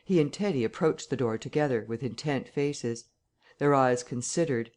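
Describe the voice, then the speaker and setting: A man reading a classic novel aloud as audiobook narration, measured and steady. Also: medium pitch.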